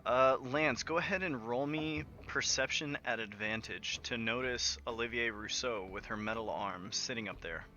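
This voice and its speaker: A man's voice: medium pitch, moderate pace, hardly any pauses, sharp tone, muffled recording. A man narrating a tabletop game as game master in a casual, laughing way with many fillers, over an online voice call.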